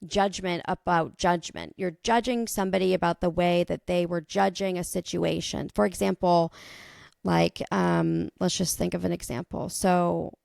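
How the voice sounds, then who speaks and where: Gravelly-voiced woman podcast host rambling. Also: on the low side, fairly even intonation, normal speed, dry recording, studio quality. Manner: rambling, thinks out loud, swears. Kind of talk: casual monologue.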